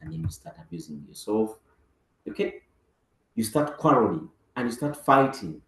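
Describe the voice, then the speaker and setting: A man coaching his team in a lively, sing-song voice that swoops up and down. He acts out little dialogues and repeats words for emphasis. The sound bounces around an echoey room. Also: lowish voice, moderate pace, slight background noise. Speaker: business team trainer. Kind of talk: motivational training talk.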